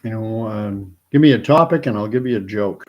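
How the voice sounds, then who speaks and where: A man's voice: fairly low pitch, a little fast, highs cut off. A man from Canada hosting a casual live stream, chatty and joking, thinking aloud as he follows a count. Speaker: host.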